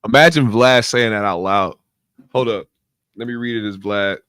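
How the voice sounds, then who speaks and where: A man co-hosting a podcast in casual chat, joking and profane in quick banter on a close studio mic. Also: lowish voice, a bit bright, smooth, no echo. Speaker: podcast co-host.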